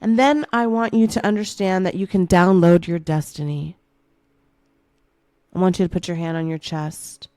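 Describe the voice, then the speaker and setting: A woman's voice: lowish voice, steady tone, normal speed, warm tone, no echo. A woman hosting a motivational podcast, coaching the listener in a playful, hyped way and calling them baby. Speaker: manifestation coach and podcast host.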